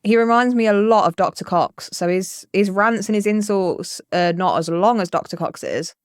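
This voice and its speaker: A podcast co-host chatting casually and telling stories with plenty of swearing and acted-out quotes. The voice sits at a middle pitch and sounds dry and close, with no room echo. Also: moderate pace, smooth. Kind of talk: casual chat.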